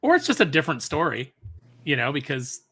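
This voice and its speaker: A man's voice: a little high, big pitch swings, fairly quick, a bit bright, slightly rough. A man co-hosting a casual podcast chat, dropping wry joking asides. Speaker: podcast co-host.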